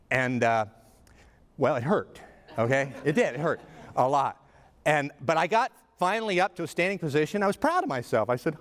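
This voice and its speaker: A man's voice: a little high, expressive, normal speed, fairly bright tone. A man giving a humorous keynote speech, telling stories with comic asides. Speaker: motivational speaker. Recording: reverberant hall.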